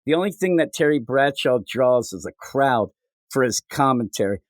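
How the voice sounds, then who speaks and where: A man's voice: medium pitch, expressive, moderate pace, no room sound, clean studio sound. Riffing man on a comics podcast. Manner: riffing, jokey, puts on silly voices. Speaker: podcast host. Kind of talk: casual comedic chat.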